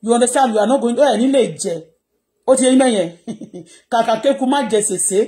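A Yoruba-speaking Nigerian blogger delivers a heated live-stream rant, her voice rising. She speaks fairly quickly, a little high, with a warm tone.

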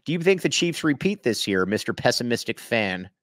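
A man hosting a casual sports podcast, chatting and reading a sponsor spot with lively energy. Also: medium pitch, a little fast, no echo, clean studio sound. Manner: animated, hypes sponsor read. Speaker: podcast host.

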